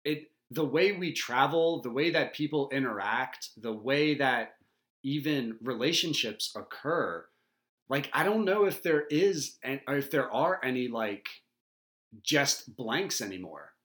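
A man's voice: medium pitch, lively intonation, a little slow, fairly bright tone. A man who is a dad, co-hosting a casual podcast chat, rambling with lots of fillers and swearing freely. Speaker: podcast co-host.

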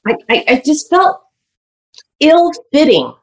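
A woman's voice: high-pitched, huge pitch swings, slow pace. A woman in her fifties, a podcast guest telling personal stories candidly and animatedly, often slipping into the voices of people in her stories.

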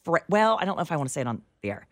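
Woman radio co-host, teasing banter, lively pitch, dry close mic. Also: racing, dry recording. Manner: chatty, laughs often, teasing. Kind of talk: casual on-air banter. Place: cold radio studio.

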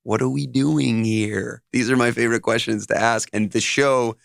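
A man speaking as a musician guest in an interview, telling stories in a loose, rambling, animated way. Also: medium pitch, moderate pace, gravelly, no echo, studio quality. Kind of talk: casual interview storytelling.

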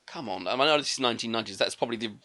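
Fast, bright-voiced man ranting. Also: mid-range voice. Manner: quick, animated, jokey ranting. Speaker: podcast co-host. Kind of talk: casual chat reviewing a film.

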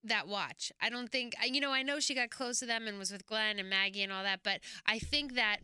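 A woman co-hosting a podcast in casual chat, reacting quickly, laughing often and chiming in. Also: fairly high pitch, sharp tone, smooth, no echo. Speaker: podcast co-host.

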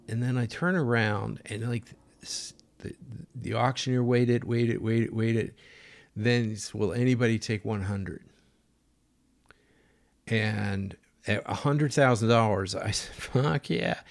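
A middle-aged man telling a story in a rambling, conversational way, full of fillers and acted-out quotes. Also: on the low side. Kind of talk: casual spoken storytelling.

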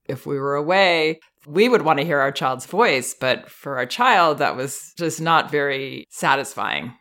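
A woman host giving parenting advice in a calm, measured, reassuring way. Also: deep voice. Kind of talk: advice consultation.

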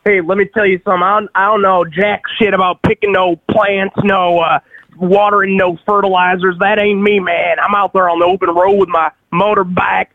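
A man's voice: high-pitched, flat delivery, fairly quick, no room sound. A man voicing a crude, swaggering biker who threatens the host, calling in over a phone line. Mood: menacing swagger. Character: tough crude male biker, menacing blowhard. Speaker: caller.

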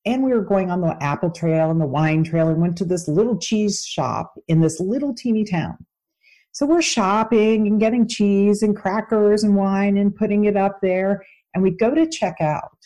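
A woman's voice: lowish voice, warm tone. A woman empowerment coach, a podcast guest, telling stories in an earnest, emphatic way. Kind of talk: storytelling interview answers.

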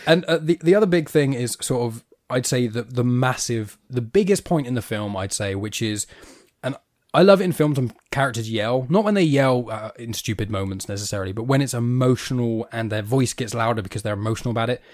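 A British man co-hosting a podcast, chatting casually about a film in an animated, rambling way and laughing easily. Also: medium pitch, fairly quick, no room sound, clean studio sound. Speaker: podcast co-host.

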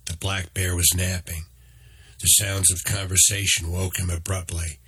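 A man with a husky voice reading a children's storybook aloud in a slow, even way. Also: sits low. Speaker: narrator. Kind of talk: storybook narration.

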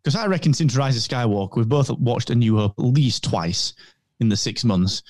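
A man talks loosely and playfully, wandering off into jokes as he co-hosts a podcast. His voice is soft and mellow, recorded close and dry with no room around it. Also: medium pitch, lively intonation, moderate pace, no echo. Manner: rambling, jokey banter. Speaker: podcast co-host. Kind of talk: casual chat.

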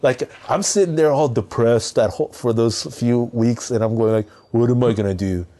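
Speaking at medium pitch and normal speed, a Southern Californian man appears as a podcast guest. He tells a personal story casually and animatedly, with plenty of fillers.

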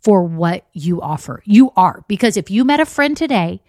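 A woman's voice: mid-range voice, very animated, moderate pace, a little mellow, dry recording, clean studio sound. A woman hosting a casual solo podcast as a business coach, chatty and encouraging. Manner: chatty, encouraging, says "y'all" and "okay?" often.

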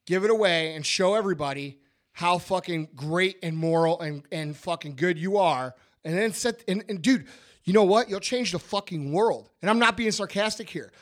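A man, talking bluntly and emphatically on a podcast and swearing a lot. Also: sits high. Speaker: podcast host, business owner. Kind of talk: casual podcast chat.

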